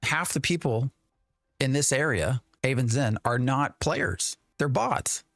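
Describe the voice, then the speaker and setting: A man's voice: mid-range voice, takes it slowly, creaky, a bit bright, no echo, clean studio sound. A man streaming a game live, rambling in an exasperated way and talking to his chat. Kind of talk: live gameplay commentary.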